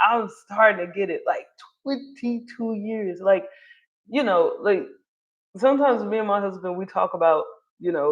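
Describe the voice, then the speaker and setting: She's a vlogger in her thirties reacting to a clip, her pitch fairly low and the recording lo-fi. Her talk is relaxed and chatty, with plenty of fillers and frequent bursts of laughter.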